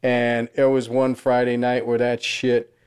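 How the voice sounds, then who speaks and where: A man with a smooth, resonant voice at a middle pitch, talking easily with a guest. He mostly chimes in with short replies before telling a story of his own. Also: completely flat delivery, a little slow, a little mellow. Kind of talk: casual chat.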